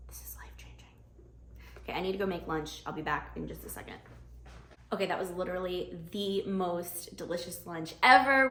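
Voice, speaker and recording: Young female vlogger, enthusiastic, casual chat, slightly low voice, echoey home room. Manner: bubbly, chatty, enthusiastic.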